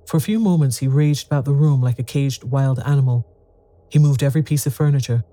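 Measured audiobook narrator, very dark tone, dry close sound. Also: medium pitch, dry recording. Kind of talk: audiobook narration of a ghost story.

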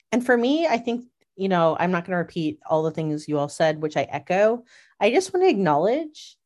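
A woman in casual fan chat, an animated storyteller who laughs often and fills her talk with "like.". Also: fairly low pitch. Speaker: podcast co-host.

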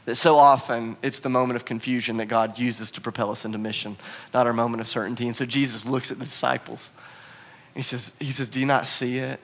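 A man preaching a sermon as pastor, animated and acting out quoted lines with a raised voice. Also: mid-range voice, fast. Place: bar used as church venue.

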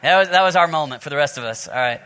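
A pastor from Oklahoma preaches at a men's conference, shifting from joking stories to earnest prayer and scripture reading. His voice is a little high and he races along, with heavy background noise.

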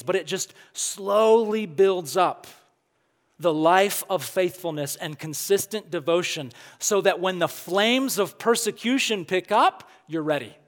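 A high-pitched man preaching in a sermon, earnest and emphatic, pressing his point home with questions to the congregation. His voice carries through a long, ringing hall reverb, the kind a church sanctuary gives. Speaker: pastor.

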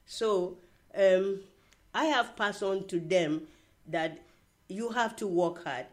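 At medium pitch and a slow pace, an older foreign-accented woman tells stories in a casual interview chat. Her warm storytelling is full of "you know" fillers and restarts.

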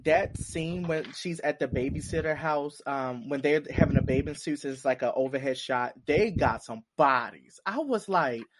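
A woman in casual chat about a TV show, animated and full of fillers, talking from her basement over a remote call. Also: deep voice, moderate pace, hardly any pauses, slight background noise. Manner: animated, lots of fillers, acts out her reactions.

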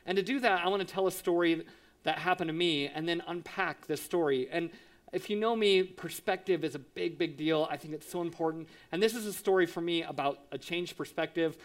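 A man in his thirties, a pastor, telling a lively personal story in a sermon, acting out voices and sound effects. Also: on the high side, fairly quick. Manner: animated, acts out quotes with sound effects.

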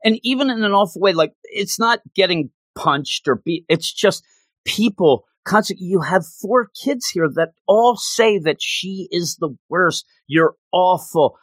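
A man casually recapping an anime episode, telling the story in an animated, emotional way. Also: sits high, unhurried, no echo.

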